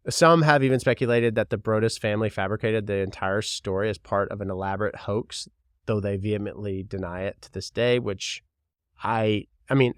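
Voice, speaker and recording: A young man with a mild Kentucky accent talks through a solo podcast, loose and rambling, dropping the odd swear word. His voice sits low. The sound is dry and close, with almost no room around it. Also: no echo. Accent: mild Kentucky Southern. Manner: rambling, frank, swears casually. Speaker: podcast host. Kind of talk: casual solo podcast talk.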